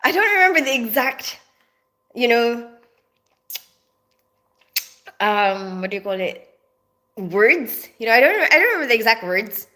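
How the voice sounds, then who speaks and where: A woman with a fairly high, bright, forceful voice. She chats casually with viewers on a livestream, wandering off on asides and laughing a lot. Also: big pitch swings, normal speed. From Philippines. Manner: chatty, laughs often, rambling asides. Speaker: nurse and livestream host reading viewer comments.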